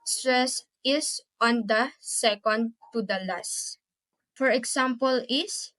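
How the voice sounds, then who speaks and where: Brief: young woman student presenter, slightly high voice, very slow and deliberate, repeats each example word twice, dry close sound. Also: fairly bright tone, no room sound, rough recording. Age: young adult. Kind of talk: class presentation on pronunciation.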